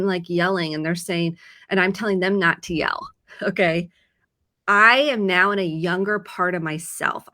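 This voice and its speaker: A woman's voice: on the low side, bright, forceful tone, dry recording. A woman therapist with a Midwestern American accent, explaining mental health in an earnest, casual chat full of examples.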